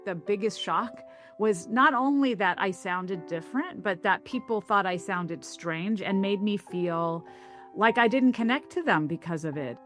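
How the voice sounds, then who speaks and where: A woman from the American South who is a linguist, telling stories and explaining ideas in a thoughtful, lightly animated interview. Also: medium pitch, measured pace, faint music behind. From American South (Tennessee). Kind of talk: reflective interview storytelling.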